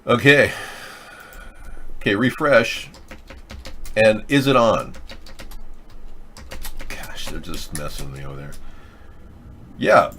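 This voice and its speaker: A man's voice: on the low side, very animated, slow, long pauses, bright, forceful tone. A man hosting a live political video chat show, rambling and joking as he answers viewers' comments. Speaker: political talk show host.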